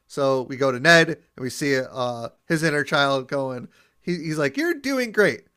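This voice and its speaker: A man's voice: mid-range voice, fairly even intonation, normal speed, pushed and bright, clear, resonant tone. A man co-hosting a podcast in casual chat, recapping an episode, laughing often and trailing off mid-thought. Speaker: podcast co-host.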